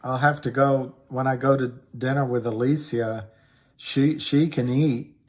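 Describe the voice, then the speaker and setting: Slow rambling man hosting a livestream. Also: medium pitch, fairly even intonation. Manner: slow, rambling, reads chat comments aloud. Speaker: livestream host. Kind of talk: casual livestream chat about stocks.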